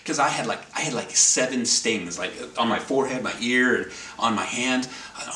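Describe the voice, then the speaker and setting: At a medium pitch and normal speed, with a pushed, bright delivery, a man casually recounts a wry, rambling story to camera and keeps correcting himself along the way. The sound is roomy and far off, with faint background noise.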